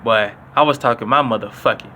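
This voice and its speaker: A young man telling stories casually to his viewers, profane and animated, acting out what people said. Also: fairly quick, slight background noise. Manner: animated, acts out quotes with higher voice; profane, repetitive slang. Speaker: vlogger. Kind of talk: casual storytelling.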